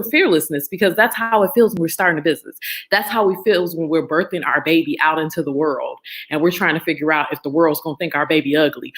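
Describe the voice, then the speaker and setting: A woman's voice: low-pitched, fairly bright tone. A middle-aged woman hosting a motivational live-stream talk, telling stories with animation and greeting viewers by name. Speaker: host.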